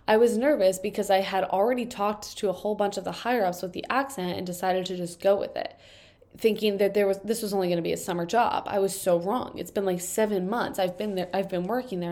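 A young woman talks in a casual, chatty way, her voice thick and congested from allergies. She reads posts aloud and drops quick, wry comments between them. Her pitch sits in the middle for a woman. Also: a little mellow. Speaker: video host reading and reacting to confession posts.

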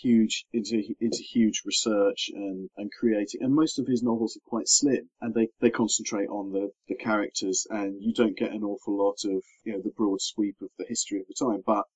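Thoughtful low-voiced man. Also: steady tone, a little mellow. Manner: thoughtful, measured, with many ums. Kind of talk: casual podcast chat. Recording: slightly dull lo-fi recording.

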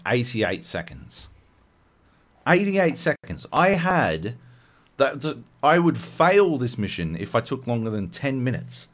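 A man co-hosting a podcast, ranting profanely in casual chat. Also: on the low side. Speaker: podcast co-host.

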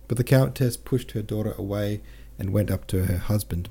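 Dark, husky-voiced male narrator. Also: lowish voice, moderate pace, few pauses. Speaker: audiobook narrator. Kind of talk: scripted narration of a classic novel.

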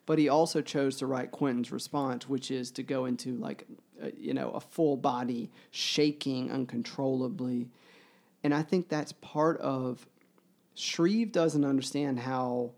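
A man in an earnest book discussion, talking in halting bursts full of fillers and restarts. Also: mid-range voice, fairly even intonation, a little mellow. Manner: grows emotional while reading aloud.

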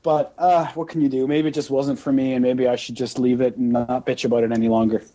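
A man co-hosting a podcast in casual chat, talking in an animated, ranting way and slipping into mocking impressions. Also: mid-range voice, fast talker, dull audio. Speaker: podcast co-host.

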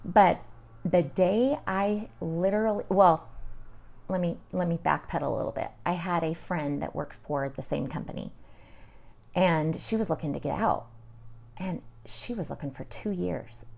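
A woman's voice: fairly low pitch, a little slow, gravelly, darkish tone. A woman in her forties from Utah, telling her personal story as an interview guest in a chatty way, acting out past conversations with many fillers.

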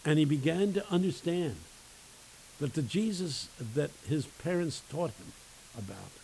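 A man who teaches at a university, preaching a sermon with emphatic, folksy storytelling and dramatic pauses. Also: a little high, animated, gravelly, darkish tone, a little hiss or hum, low-quality recording.

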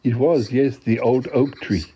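A male podcast host tells a comic story in a deadpan, meandering way, stumbling over restarts. His tone is mellow and unhurried. The recording sounds dull and lo-fi. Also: mid-range voice, breathy edge. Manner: deadpan, rambling, halting with many restarts.

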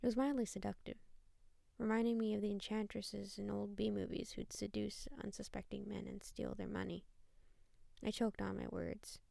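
Woman narrator with a heavy gravelly voice. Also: mid-range voice, level tone, normal speed, dark tone, no room sound. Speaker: storyteller. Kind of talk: first-person horror story narration.

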